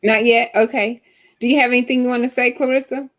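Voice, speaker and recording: A woman's voice: fairly high pitch, fairly even intonation, fast talker. Earnest woman hosting a video chat. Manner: earnest, encouraging, speaks of her own life. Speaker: host. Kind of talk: casual group video chat. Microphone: video call.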